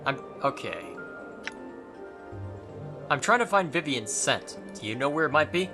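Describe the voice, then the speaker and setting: Casting: relaxed, wry male let's-play host, lively pitch, game music underneath. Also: unhurried, long pauses. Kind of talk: casual game commentary and dialogue reading.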